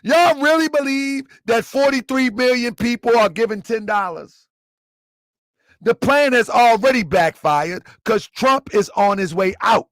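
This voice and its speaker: A man's voice: very high-pitched, unhurried, fairly bright tone, no room sound. A man hosting a live commentary, talking emphatically, repeating his points and quizzing his listeners. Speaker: commentary channel host.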